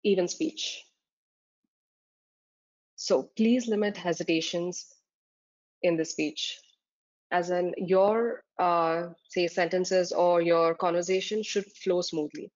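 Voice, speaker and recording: Low-voiced woman tutor, dull recording. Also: steady tone, slow pace, pauses often, a little mellow. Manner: explains terms step by step, with frequent fillers. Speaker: exam tutor. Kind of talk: slide-based lecture.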